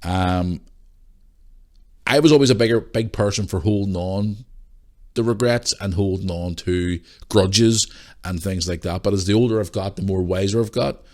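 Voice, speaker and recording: This is a low, darkish male voice at a moderate pace. The speaker, a middle-aged man from Northern Ireland, hosts his own solo podcast in a casual way, yawning with fatigue as he rants bluntly and curses freely.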